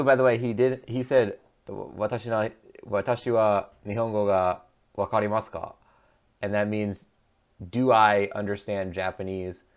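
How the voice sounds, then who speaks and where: Male streamer, casual game commentary, chatty and musing, lowish voice. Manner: chatty, laughing, musing aloud. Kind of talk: gameplay commentary.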